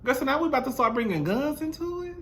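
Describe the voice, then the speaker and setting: Sassy man with a high, lively voice. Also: fast, creaky. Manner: sassy, blunt, animated, calls viewers "girl". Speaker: reality TV recap host. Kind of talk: casual reality show recap commentary.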